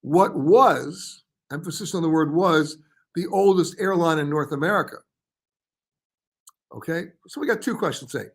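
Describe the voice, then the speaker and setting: A chatty male travel host answers viewers live, reading their comments aloud and passing quick verdicts on their guesses. His voice sits a little higher than most men's, and he keeps it loose and conversational. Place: hotel or studio in Paris.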